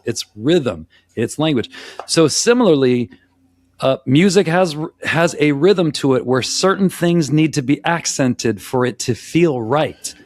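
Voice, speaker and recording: A man's voice: fairly high pitch, dry recording. American man talking rhythm, dry sound. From United States. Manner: demonstrative, counts beats and vocalizes rhythms aloud; conversational, with frequent restarts. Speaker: podcast co-host. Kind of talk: casual discussion.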